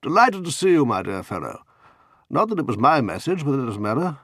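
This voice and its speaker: A man's voice: mid-range voice, very animated, brisk, a bit bright, dry recording, clean studio sound, pitched above the performer's own voice. A man reading an audiobook, voicing a pompous middle-aged English official who speaks weightily.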